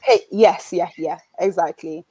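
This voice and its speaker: A woman's voice: fairly low pitch, unhurried, warm tone, slightly rough, no echo. A woman with a northern English accent, a guest in a casual interview, chatty and hesitant with lots of fillers. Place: home in London.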